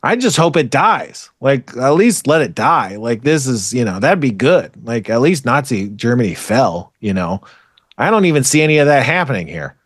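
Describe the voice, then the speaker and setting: A man's voice: mid-range voice, very animated, moderate pace, slightly rough, no echo, clean studio sound. Ranting, swearing man on a podcast. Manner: rambling, profane, exasperated ranting. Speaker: podcast co-host. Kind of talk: casual podcast chat.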